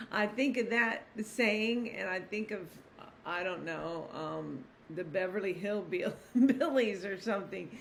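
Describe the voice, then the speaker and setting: Earnest middle-aged woman, gently encouraging. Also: medium pitch, takes it slowly, creaky, slight background noise. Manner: earnest, rambling, with frequent soft laughs. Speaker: host. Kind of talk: casual devotional talk.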